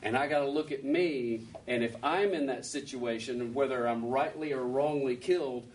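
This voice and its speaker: A man's voice: medium pitch, normal speed, darkish tone. A man preaching a sermon in a conversational way, asking his listeners question after question. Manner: conversational, asks rhetorical questions. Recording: distant mic with faint background noise.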